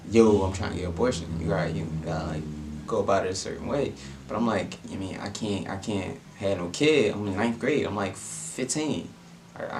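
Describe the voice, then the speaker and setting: A man's voice: on the low side, slight background noise. A young adult man telling a personal story in a casual vlog, laid-back and slangy, with lots of fillers. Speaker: vlogger.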